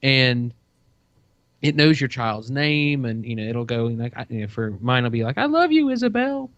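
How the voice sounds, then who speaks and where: A man's voice: medium pitch, little pitch movement, moderate pace, fairly bright tone, no room sound. A man in casual podcast chat, telling a long story with plenty of "you know" and "uh". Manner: rambling storytelling, many fillers. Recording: dull dry lo-fi sound.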